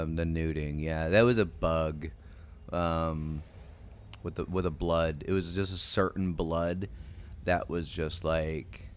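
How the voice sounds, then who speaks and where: Late-night game streamer, male, deep gravelly voice, slow and drowsy, rambling casual chat. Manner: rambling, hesitant, many ums and restarts. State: sleepy, yawning late at night. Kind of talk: casual livestream chat with viewers.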